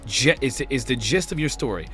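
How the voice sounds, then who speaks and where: A man's voice: mid-range voice, animated, brisk, bright, forceful tone, soft background music. A man hosting a podcast, pushing back hard in a heated debate and often cutting in to hold the floor. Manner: interrupts, repeats "hold on" to push back. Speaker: podcast host.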